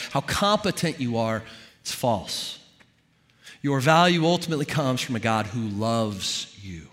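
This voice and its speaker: A man preaching with a lively, swooping delivery that jumps between high emphatic bursts and low hushed asides. He talks to his congregation in a conversational, emphatic way. His voice carries a long reverb, as if he is in a large hall. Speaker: pastor. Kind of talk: sermon.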